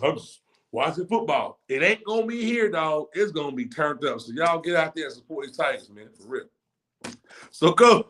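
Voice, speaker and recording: A man hosting a live talk show, talking in a high-energy, slangy, hype-man way. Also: bright, forceful tone. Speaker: talk show host and stadium announcer. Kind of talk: hyped casual live talk.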